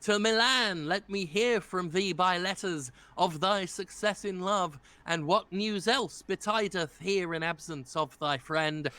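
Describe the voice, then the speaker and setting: A man's voice: high-pitched, measured pace, hardly any pauses, bright, forceful tone, clear, resonant tone, dry recording. A man reading an earnest young nobleman in a live amateur read-through of a play. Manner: laughs at his own slips while reading. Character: young male nobleman leaving home, earnest and teasing.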